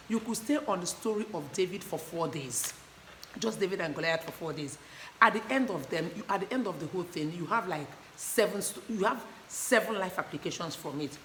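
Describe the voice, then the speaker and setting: A woman's voice: on the low side, a bit bright. A woman teaching parents in an earnest, repetitive way, often asking her listeners whether they understand. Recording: echoey room with faint background noise.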